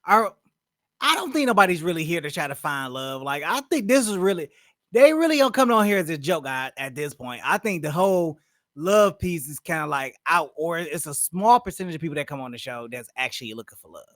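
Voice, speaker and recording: A man's voice: a little high, sing-song, a little fast, a bit bright, no room sound, clean studio sound. A man giving casual reaction commentary on a dating show, with incredulous, wry asides that trail off.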